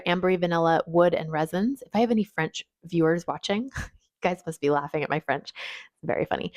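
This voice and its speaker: A woman's voice: on the low side, moderate pace. A woman fragrance reviewer chatting casually as she lists perfume notes, chatty and self-deprecating. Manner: chatty, rattles off lists, laughs at own French.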